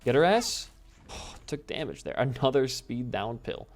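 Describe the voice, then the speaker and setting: A man's voice: medium pitch, expressive, a little slow. Casual rambling American gamer man. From US Midwest. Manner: casual, rambling, swears freely. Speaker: gaming YouTuber. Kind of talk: gameplay commentary with storytelling.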